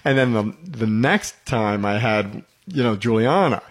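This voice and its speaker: A man's voice: lowish voice, lively intonation, measured pace, slightly rough. A middle-aged man hosting a radio talk show, telling rambling stories in casual conversation and chuckling often.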